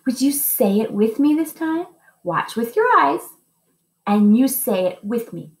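A woman music teacher giving a lesson to young children, speaking slowly and patiently and chanting rhythm syllables. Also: a little high, animated, reverberant.

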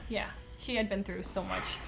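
A woman streamer chatting softly and haltingly on a livestream. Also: medium pitch, steady tone, vocal fry, faint music behind. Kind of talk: casual stream chat.

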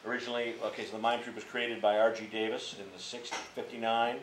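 A man's voice: medium pitch, little pitch movement, fast talker. Blunt, profane older storyteller man. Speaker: interviewee, Mime Troupe actor. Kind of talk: casual storytelling interview. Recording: echoey room with faint background noise.

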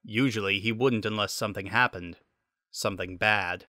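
Bright-voiced man narrating a story. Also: on the low side, steady tone, normal speed, dry recording, clean studio sound. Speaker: reader of fan fiction.

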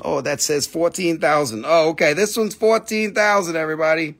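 Man, high voice, jokey live-sale host calling prices like an auctioneer. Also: normal speed, creaky, hardly any pauses, a bit bright. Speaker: host selling minerals on a live stream. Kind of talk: live sales stream patter.

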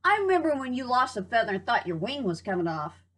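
Easygoing storybook duck, calm and teasing, read by a woman. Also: on the high side, quick pace, slightly rough. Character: easygoing male duck friend.

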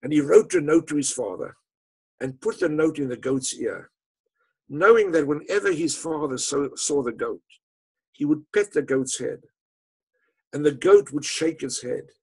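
Man, husky voice, dramatic storytelling, emphatic phrasing, phrases trailing off quietly. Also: a little high, animated, measured pace, rough recording. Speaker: speaker telling a story to an audience. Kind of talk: storytelling lecture.

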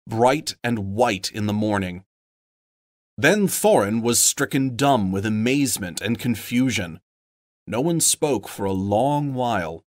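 A man reading a story aloud with expressive, varied delivery. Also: on the low side, no room sound, clean studio sound. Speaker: audiobook narrator. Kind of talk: scripted story narration.

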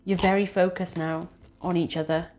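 Lowish voiced woman reading tarot, earnest and a bit emotional, repeats herself, faint music under it. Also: little pitch movement, normal speed, darkish tone. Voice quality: earnest, emotional, repetitive phrasing. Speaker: tarot reader.

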